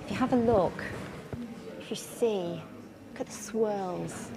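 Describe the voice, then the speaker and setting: A woman's voice: mid-range voice, slow pace, crowd noise. A woman playing an auction owner, coaxing and theatrical as she talks up a painting. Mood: gushing. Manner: coaxing, theatrical sales patter. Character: gushing female auction owner selling art.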